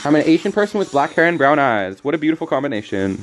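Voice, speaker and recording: A man's voice: fairly high pitch, sing-song, fast talker, faint music behind. A young American man casually commenting on his card game while reading and answering chat, joking and chatty. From American South. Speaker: streamer.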